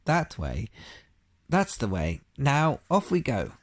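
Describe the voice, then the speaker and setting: A man's voice: mid-range voice, wildly swooping pitch, slow, full character voice. A man voicing a polite, nervous male faun who speaks courteously and exclaims easily, in a storybook reading. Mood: fussy polite.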